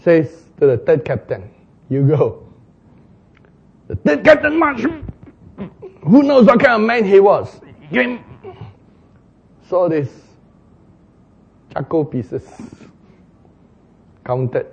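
A man preaching an animated, playful sermon retelling, laughing at his own jokes. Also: high voice, slow pace, pauses often, breathy edge, muffled recording.

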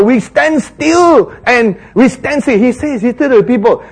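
A man's voice: high voice, big pitch swings, normal speed, hardly any pauses, a little mellow, breathy edge. A man preaching a sermon, laughing often and acting out biblical dialogue with sudden jumps in his voice.

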